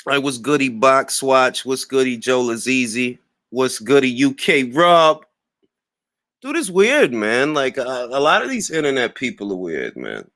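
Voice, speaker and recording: Dude ranting on a boxing stream, trash talk and shout-outs, dry close sound. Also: male voice, medium pitch, moderate pace, no echo. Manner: animated trash-talking rant, mocking laughs. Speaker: boxing talk show host. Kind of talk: livestream commentary, greeting chat.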